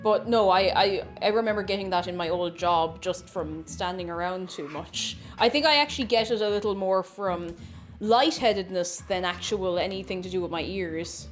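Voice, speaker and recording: With music in the background, a young woman bakes live in her home kitchen, chatting casually, humming and reading out messages from viewers. She speaks at a normal speed in a voice on the low side.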